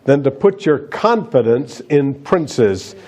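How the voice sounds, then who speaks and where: A man's voice: mid-range voice, expressive, slow pace, dark tone, husky. A man preaching a sermon as pastor, emphatic and asking the congregation rhetorical questions.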